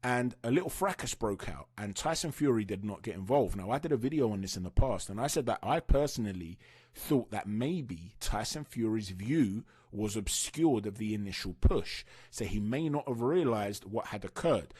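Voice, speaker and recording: A man's voice: fairly low pitch, expressive, moderate pace, a little mellow, breathy edge. A man hosting a channel, giving casual, opinionated boxing news commentary and asking viewers what they think. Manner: chatty, opinionated, asks viewers for their views.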